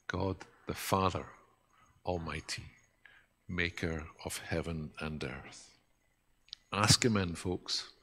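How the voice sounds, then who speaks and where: Slow, deep-voiced man preaching. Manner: earnest, reflective, drops to a soft hush at key points. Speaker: pastor. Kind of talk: sermon.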